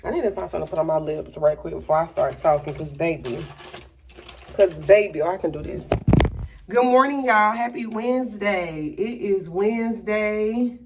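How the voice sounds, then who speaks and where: Young woman, chatty and excitable vlogger, handheld camera, faint background noise. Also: mid-range voice, moderate pace. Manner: chatty, excitable, addresses viewers as y'all, honey and child. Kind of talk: casual vlog talk to camera. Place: hotel room.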